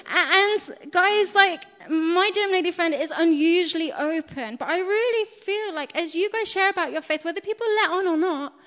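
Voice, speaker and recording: A high-pitched woman preaches in a lively, conversational way, telling stories and laughing at her own slips. Her voice carries a long reverb from the hall around her. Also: fairly quick, few pauses. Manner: chatty and animated, laughs at herself. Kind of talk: storytelling sermon. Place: church hall.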